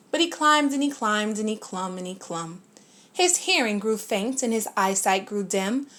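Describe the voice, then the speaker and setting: Woman, storybook reader, rhyming read-aloud, lilting rhythm, slightly high voice. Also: fairly bright tone. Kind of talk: reading a rhyming picture book aloud.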